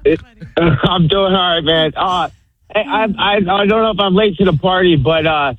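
A man's voice: high-pitched, moderate pace. A man calling in to a radio show, easygoing and a little hesitant as he chats. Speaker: caller. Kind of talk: casual phone call. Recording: tinny phone line.

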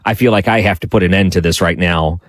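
A man hosting a late-night call-in radio talk show, chatty and musing out loud as he takes calls. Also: sits low, quick pace, no echo.

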